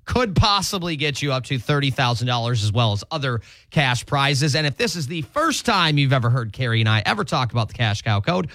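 Lively, upbeat young man on morning radio. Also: mid-range voice, brisk, hardly any pauses, dry recording. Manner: upbeat, laughs often. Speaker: radio morning show co-host. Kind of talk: casual radio banter. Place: radio studio. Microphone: close studio mic.

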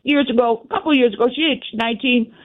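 An older grandmother calling in to a talk radio show, speaking with deep passion and growing emotion. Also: quick pace. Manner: impassioned, voice breaking with emotion. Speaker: caller. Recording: tinny phone line.

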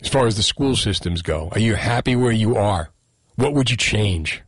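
Husky-voiced male radio host. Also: fairly low pitch, animated, moderate pace, no room sound. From New Jersey. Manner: repeats questions to invite callers. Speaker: radio talk show host. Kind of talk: call-in radio talk.

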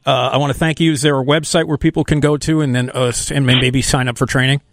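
Brisk man hosting a radio show. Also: medium pitch, fairly even intonation, no echo, studio quality. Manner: brisk, efficient wrap-ups. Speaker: radio talk show host. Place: radio studio.

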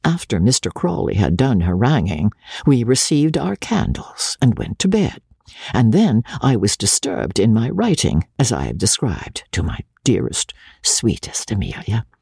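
A man reading a classic first-person novel aloud, expressive and lively. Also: on the low side, unhurried, creaky, breathy edge, no echo, clean studio sound. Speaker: reader.

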